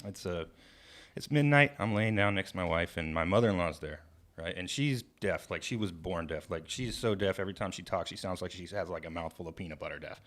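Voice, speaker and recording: In a casual comedy writing session, a man with a low-pitched voice works through a stand-up story at a brisk pace. He's animated and profane, shouting out the lines he quotes.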